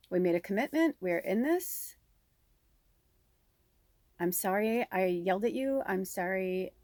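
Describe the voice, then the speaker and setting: A woman's voice: mid-range voice, no room sound. Chatty, frank woman giving a spiritual reading. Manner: chatty, frank, swears casually, acts out quarrels in raised voice. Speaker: tarot reader.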